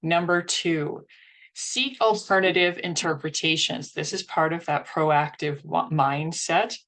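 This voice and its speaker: Earnest woman presenter with vocal fry. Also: deep voice, steady tone, a little slow, a bit bright. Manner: earnest, acts out inner thoughts in quotes. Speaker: workshop presenter. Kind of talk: instructional presentation.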